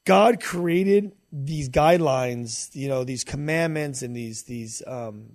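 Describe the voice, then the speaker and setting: A man's voice: mid-range voice, slow pace, a little mellow, no room sound. A man who is a podcast guest, talking earnestly about faith in a casual way, with many fillers and restarts.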